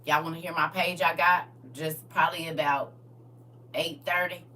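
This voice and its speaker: A woman's voice: sits low, fairly even intonation, normal speed, bright, forceful tone, recorded from a distance. A woman talking casually and candidly to her audience on a live stream, addressing viewers directly.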